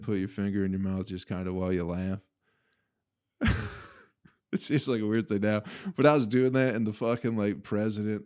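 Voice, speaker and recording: A young man hosting a podcast, casually telling a profane, laughing story about a party. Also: on the low side. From Flint, Michigan. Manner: profane, laughing, animated retelling. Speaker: podcast host.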